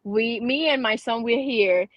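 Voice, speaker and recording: Woman host, casual storyteller, slightly high voice, dry close sound. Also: unhurried, no room sound, muffled recording. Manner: chatty storytelling with many restarts. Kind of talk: casual chat.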